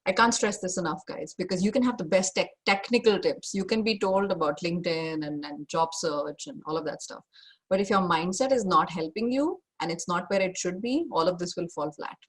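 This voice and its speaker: Woman career coach on a video call, bit husky, direct, keeps stressing her points. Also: fairly low pitch, fairly quick. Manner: direct, emphatic, repeats key points. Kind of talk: online masterclass talk.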